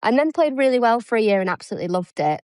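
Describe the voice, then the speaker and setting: A woman's voice: a little high, lively intonation, rapid-fire, a little mellow, clear, resonant tone, dry recording. A woman in her thirties from England, a former cricketer chatting as an interview guest, self-deprecating and acting out the dialogue she quotes. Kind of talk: casual interview chat.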